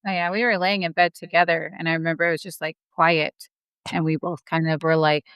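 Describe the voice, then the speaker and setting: A woman's voice: low-pitched, flat delivery, a little fast, a bit bright, smooth, no echo. A woman telling her side of the story as an interview guest, candid and chatty, laughing between phrases. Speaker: real estate investor guest.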